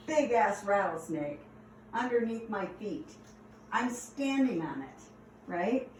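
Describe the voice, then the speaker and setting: A woman telling stories from her past in a casual, animated way, laughing and acting out the lines. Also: medium pitch, slow pace, long pauses, slight background noise. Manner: animated, laughing, acts out quotes. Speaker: storyteller. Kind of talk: casual storytelling. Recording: echoey room, distant mic.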